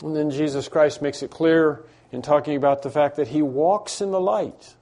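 A man preaching a sermon, with a mellow, warm tone that sits a little high for a man. He acts out the cries of the people he quotes and builds them in intensity. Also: normal speed. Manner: dramatic, acts out quoted pleas with rising intensity. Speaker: pastor.

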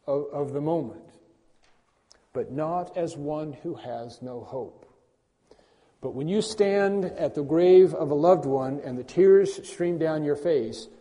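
Mellow-voiced pastor preaching in a hall. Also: male voice, a little high. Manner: earnest preaching that swings between soft, tender passages and loud emphatic peaks. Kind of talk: sermon.

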